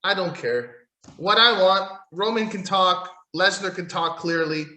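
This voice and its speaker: On his solo wrestling podcast, a man with a high-sitting, pushed and bright voice rants at an unhurried pace in a reverberant space. He's profane, sarcastic, and rambling, and he's losing his voice.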